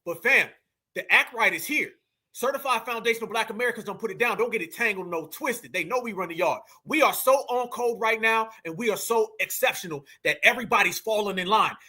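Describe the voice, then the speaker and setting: A man commentates on a clip during a livestream, his voice high-set, husky and a little fast. He's animated and preachy, laughs often and talks in slang.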